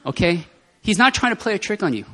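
Guy giving a testimony at a prayer meeting, kinda high voice, excited storyteller, laughing a lot. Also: quick pace. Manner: animated storytelling, often laughing. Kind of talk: testimony sermon.

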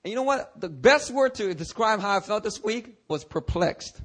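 High, a bit bright, and husky, this pastor's voice moves at normal speed with hardly any pauses and plenty of animation. He addresses his congregation frankly and conversationally, breaking now and then into dramatic, escalating cries.

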